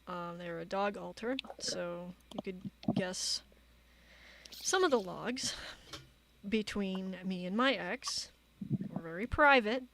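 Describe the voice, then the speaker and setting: A woman streamer giving casual commentary, reading out chat logs in a halting way with many fillers. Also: medium pitch, creaky. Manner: halting, many fillers, reads quotes flatly.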